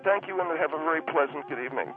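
A man's voice: fairly high pitch, fast, narrow, tinny audio, soft background music, natural voice. A man voicing an indignant male caller who mocks and scolds the host with sarcasm. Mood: huffy sarcastic. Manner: sarcastic, huffy, mocking.

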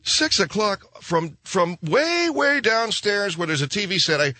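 A man's voice: sits high, measured pace, no room sound. A middle-aged man hosting a late-night radio show, telling a rambling story with lots of asides. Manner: animated storytelling, acts out voices, rambling asides. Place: radio studio. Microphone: studio microphone.

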